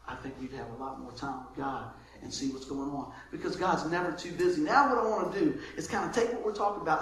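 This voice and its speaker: High-voiced pastor preaching, swings loud to soft, super echoey church hall. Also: male voice. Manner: lively, swings between loud calls and soft asides. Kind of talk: sermon. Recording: very echoey room with faint noise.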